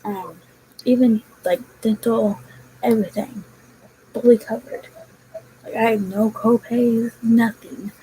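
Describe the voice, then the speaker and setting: A young woman talks slowly and casually to the camera, rambling through a chatty story. Her voice sits a little high and sounds dark and mellow. A faint hum runs behind her. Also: fairly even intonation, low-quality recording. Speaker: vlogger. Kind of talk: casual chat.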